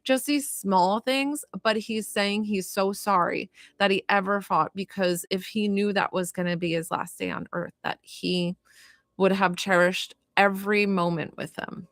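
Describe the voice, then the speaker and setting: A woman giving a live spirit reading as a medium, chatty and filled with "like" and "you know", gentle and consoling as she passes on messages. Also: mid-range voice, steady tone, a little slow, no room sound. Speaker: psychic medium.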